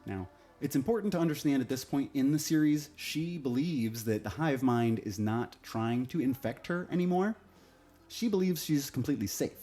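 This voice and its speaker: A man talks through a casual review in a blunt, opinionated way and swears without a second thought. His voice is warm and mellow, at an ordinary middle pitch. Faint music plays behind him. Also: animated, normal speed. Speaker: TV show reviewer.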